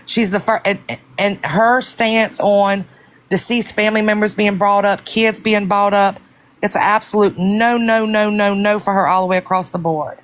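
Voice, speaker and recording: A woman's voice: mid-range voice, steady tone, moderate pace. A woman hosting a casual live stream chat, emphatic and talking straight to her listeners. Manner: emphatic, swears oaths, addresses listeners as y'all.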